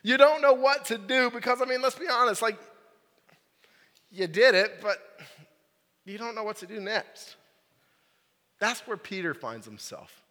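A man's voice: very high voice, steady tone, normal speed, pauses often, sharp tone. A young man, a youth pastor, telling a personal story in a casual, joking sermon, full of "like" and "right?". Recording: large hall with long reverb.

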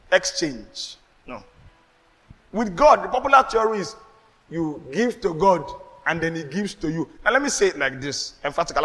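Nigerian man, pastor, lively sermon, pidgin asides, high-pitched, long church reverb. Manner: animated preaching with pidgin asides and laughs.

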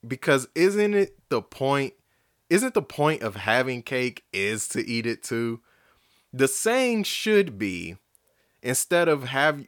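A man hosting a solo podcast, ranting angrily and profanely, swinging between shouting and muttering. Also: medium pitch, no room sound, studio quality. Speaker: podcast host.

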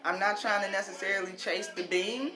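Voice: mid-range voice, fairly quick, over music. A host in casual conversation, talking expressively and often saying "look" and "baby.". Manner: expressive, animated, says "baby" and "look" a lot. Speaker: show host. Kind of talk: casual chat.

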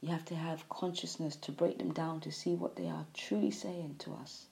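Low, mellow woman giving a preachy spiritual talk. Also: fairly even intonation, normal speed, vocal fry. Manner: repetitive, preachy, with sighs and emphatic swings in loudness. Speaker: spiritual speaker. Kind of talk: spiritual monologue.

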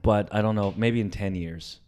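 A man co-hosting a comedy podcast, talking in animated, profane rants and joking around. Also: lowish voice, moderate pace, slight background noise. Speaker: podcast co-host. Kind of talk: casual comedy chat.

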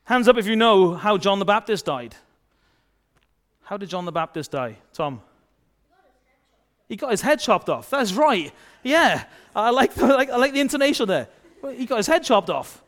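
A man preaching a children's sermon, asking the kids questions and acting out playful voices. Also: sits high. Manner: lively, asks children questions and acts out silly kid voices.

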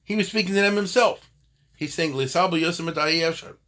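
A man's voice: a little high, a little fast, bright, forceful tone. An older man teaching an informal Talmud class, digressive and conversational, often stopping to correct himself. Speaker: Torah teacher.

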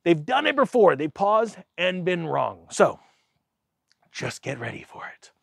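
A man's voice: sits high, big pitch swings, measured pace, vocal fry, slightly rough, no echo, studio quality. A man giving a casual, sarcastic rant about the economy, mocking others in silly voices. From United States. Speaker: finance commentator.

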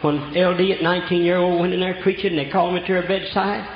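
A man's voice: high voice, flat delivery, fast, hardly any pauses, a little hiss or hum. An older man preaching a folksy storytelling sermon, from Oklahoma, with homespun rural grammar. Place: church. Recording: echoey church room, dull lo-fi sound.

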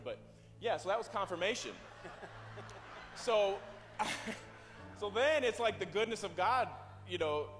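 A man, giving an excitable, rambling church testimony full of fillers and restarts. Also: fairly high pitch. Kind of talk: personal testimony. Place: church sanctuary. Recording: reverberant church hall with music.

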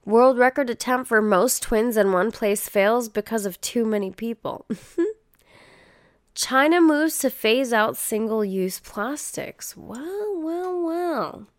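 A woman's voice: on the high side, takes it slowly, dry recording, clean studio sound. A young woman hosting a casual podcast, reading news headlines aloud and riffing on them with blunt, profane commentary. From Canada. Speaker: podcast host.

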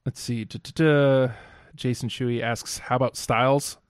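A man co-hosting a casual podcast about wrestling, talking with enthusiasm and bursting into excited quotes. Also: medium pitch, moderate pace, dry recording, studio quality. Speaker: podcast co-host.

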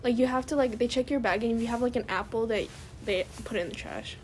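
A young woman co-hosts a casual podcast chat and rambles through her story, leaning on "like" in nearly every phrase. Her voice sits a little high. A faint hiss of noise runs under the recording. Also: quick pace. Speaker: podcast co-host.

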